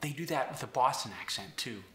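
Bright-voiced coach. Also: male voice, mid-range voice, expressive, brisk, roomy sound. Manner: clear step-by-step instruction. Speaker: accent coach. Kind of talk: instructional explanation.

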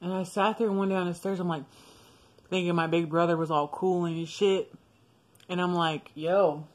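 A woman's voice: on the low side, fairly even intonation, normal speed. Profane, laughing young woman vlogger. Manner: blunt, profane, laughs often. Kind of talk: casual storytime monologue.

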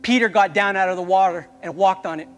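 A man's voice: sits high, fast, a bit bright, in a large hall, soft background music. A young man preaching an impassioned sermon as a youth pastor in a church, repeatedly calling out to the congregation.

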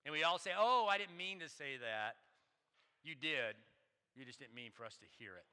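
A man's voice: on the high side, moderate pace, pushed and bright, smooth. A male pastor preaching a sermon, telling stories in a conversational way, repeating phrases and asking rhetorical questions. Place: church sanctuary. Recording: long church hall reverb.

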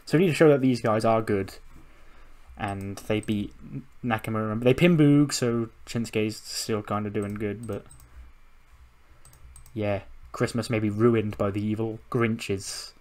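A man's voice: fairly low pitch, a little slow, a little mellow. Casual, swearing game commentator man. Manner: laid-back, swears casually. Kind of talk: casual let's-play narration.

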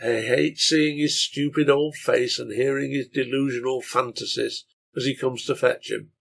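Give me a man playing an indignant publican, scornful and loud. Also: mid-range voice, fairly even intonation, moderate pace, gravelly, slightly rough.

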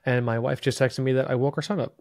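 A man's voice: medium pitch, fairly even intonation, fast talker, darkish tone, dry recording, studio quality. A man co-hosting a podcast in casual chat, rambling and self-deprecating, often tripping over his words. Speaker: podcast co-host. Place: home, recording quietly at night.

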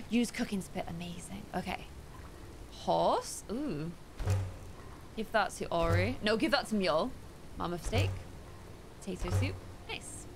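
A young woman streaming a game, chatting excitedly with her viewers while losing her voice. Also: mid-range voice, unhurried, creaky, pauses often, background noise. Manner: chatty, excitable, talks to herself while playing. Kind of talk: casual gameplay chat with viewers.

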